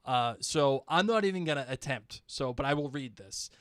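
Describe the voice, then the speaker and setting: A man co-hosting a podcast, chatting casually and reading listener emails aloud in a playful, animated way. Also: medium pitch, normal speed, clean tone, dry recording, studio quality. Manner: playful, animated, breaks into laughter. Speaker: podcast co-host.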